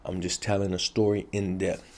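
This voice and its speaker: A man's voice: low voice, flat delivery, moderate pace, a little mellow. Profane streetwise man. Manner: blunt, profane, streetwise, repeats key phrases for effect. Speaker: storyteller recounting his past. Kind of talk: casual street storytelling to camera.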